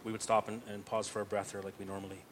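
A man's voice: fairly low pitch, little pitch movement, quick pace, background noise. A man teaching psalm chanting step by step, patient and explanatory, often checking that listeners follow.

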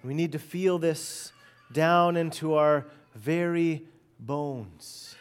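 Slow, earnest male preacher. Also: clean tone, faint music behind. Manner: earnest, emphatic, drops to soft low phrase endings. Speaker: pastor. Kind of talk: expository sermon.

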